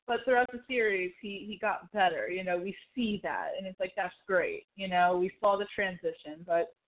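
A woman co-hosting a casual chat, telling a long story in a rambling, animated way full of "like". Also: medium pitch, normal speed. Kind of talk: casual chat recapping a TV show. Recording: phone-like narrow sound.

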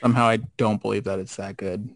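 Fast-talking wry man, dry sound. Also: fairly low pitch, fairly even intonation, creaky, no room sound. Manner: wry, sarcastic quips. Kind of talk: casual podcast chat.

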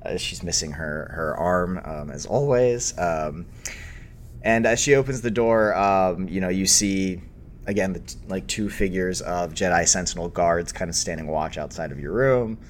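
A man narrating as game master for a tabletop role-play, halting and full of fillers. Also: deep voice, a little hiss or hum. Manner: slow, halting, many fillers.

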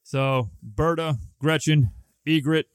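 A man's voice: a little high, takes it slowly, smooth, no echo. A young man co-hosting a podcast, telling a long, rambling, profane story in a casual, laid-back way. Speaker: podcast co-host.

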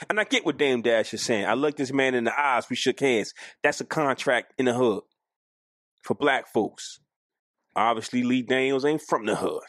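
A man co-hosting a casual podcast, animated and argumentative, often jumping up in pitch for emphasis. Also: no room sound, clean studio sound. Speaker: podcast co-host.

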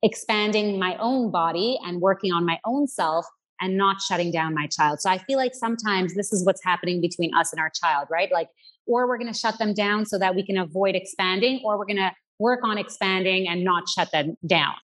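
A woman parenting coach explaining her ideas earnestly, using everyday examples in conversation. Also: medium pitch. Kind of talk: explanatory interview talk.

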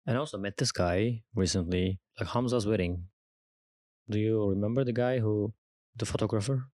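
Deep-voiced man from Turkey, halting chat. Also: dry recording. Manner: relaxed, halting, with many fillers and restarts. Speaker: podcast co-host. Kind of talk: casual chat.

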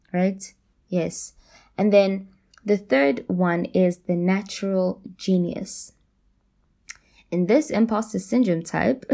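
A woman's voice: on the low side, vocal fry, warm tone. A woman hosting a solo self-help podcast, talking casually and encouragingly, repeating phrases for emphasis and laughing often. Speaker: podcast host.

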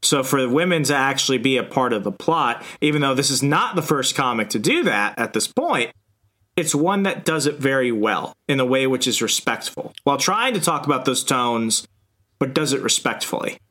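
A man in a casual comic book discussion gives confident, opinionated takes. His voice is mid-pitched and even. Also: normal speed.

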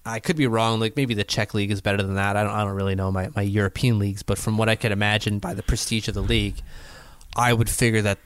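A man's voice: lowish voice, level tone, quick pace, clear, resonant tone. A man co-hosting a casual sports podcast, rambling and hedging as he talks. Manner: rambling, hedging, lots of fillers and restarts. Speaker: podcast co-host.

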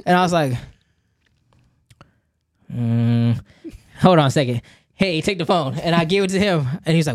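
A man's voice: a little high, normal speed, pauses often, no room sound, studio quality. A man co-hosting a casual chat, telling a story animatedly and acting out both sides of the conversations. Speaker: podcast co-host.

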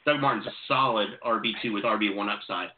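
A man hosting a call-in show, talking quickly and excitably with stumbling restarts, over tinny phone-like audio. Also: on the low side, a loud crowd. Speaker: show host taking calls. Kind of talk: casual call-in chat.

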